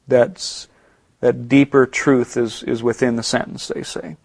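A man talks through a Bible study in a relaxed, explanatory way. He slows right down on the points he wants to land, and his voice sits at an ordinary middle pitch. The recording is close and dry. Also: creaky, dry recording, low-quality recording. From United States. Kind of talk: casual Bible teaching talk.

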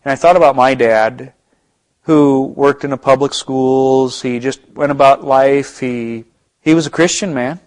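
A man's voice: mid-range voice, unhurried, darkish tone. A man with an American accent in ministry, giving an earnest, reflective Bible talk with frequent restarts and asides. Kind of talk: conversational Bible teaching.

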